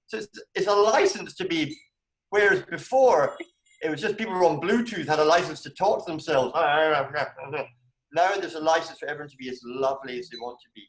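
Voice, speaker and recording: A Scottish man chatting animatedly as a comedian guest on a video call, breaking into high exclamations. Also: fairly quick, roomy sound. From Scotland. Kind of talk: casual video call chat.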